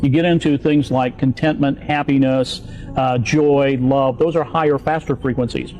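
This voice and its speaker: A man's voice: medium pitch, fairly even intonation, moderate pace, a little mellow, low-quality recording. A man explaining an idea step by step with everyday examples, in a clip played on a podcast. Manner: plain teaching tone with everyday examples. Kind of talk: explanatory talk.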